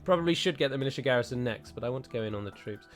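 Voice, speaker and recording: A man's voice: medium pitch, animated, racing, soft background music. A man playing a strategy game and commenting as he goes, chatty and thinking aloud with frequent digressions. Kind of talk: let's play commentary.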